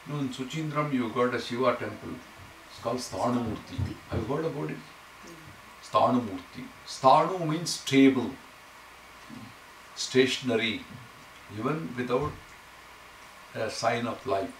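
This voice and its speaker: A man's voice: mid-range voice, a bit bright. A man leads a scripture class, explaining Sanskrit verses word by word. He sounds distant in an echoey room. A faint hiss runs underneath. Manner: explains Sanskrit verses slowly, chanting lines for students to repeat. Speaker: teacher. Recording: echoey room, mic far off, faint noise.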